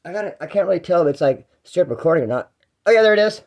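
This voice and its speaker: A young man with a slightly high voice tells a casual story in quick, tumbling bursts. His delivery is expressive, slangy and rambling, often doubling back on itself.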